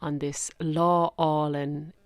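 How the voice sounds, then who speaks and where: Irish woman, Kilkenny country accent, low and slow, soothing meditation host, dry close mic. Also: flat delivery, dry recording. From Ireland. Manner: gentle, heartfelt, slow and soothing with soft laughs. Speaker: podcast host. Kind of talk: spiritual podcast with guided meditation.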